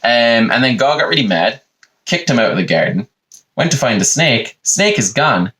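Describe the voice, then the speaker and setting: A man's voice: mid-range voice, sing-song, normal speed, sharp tone, a little hiss or hum. A man hosting a comedy podcast, telling a rambling, profane comic story in a casual conversational way.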